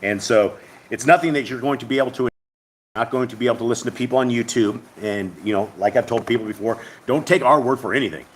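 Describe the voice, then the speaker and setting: A man's voice: medium pitch, fast, slight background noise. A man hosting a casual livestreamed Bible study, reading scripture aloud and explaining it in a rambling, conversational way.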